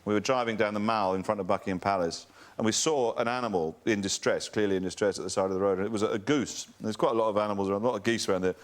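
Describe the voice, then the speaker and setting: A man's voice: fairly low pitch, rapid-fire. A man on a talk show, telling a comic anecdote in a rambling, self-interrupting way. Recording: TV clip with loud background noise.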